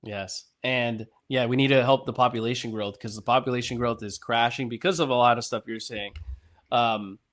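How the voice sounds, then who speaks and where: A man's voice: mid-range voice, fairly even intonation, normal speed, fairly bright tone. Easygoing podcast co-host man. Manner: easygoing, agreeable, advice-giving. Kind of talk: casual chat.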